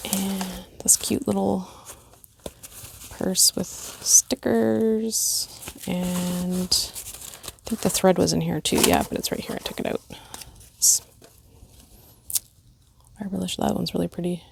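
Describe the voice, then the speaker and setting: A cross-stitch vlogger with a gravelly, medium-pitched voice chats casually in a show-and-tell style, gushing and using lots of fillers. Background noise is noticeable.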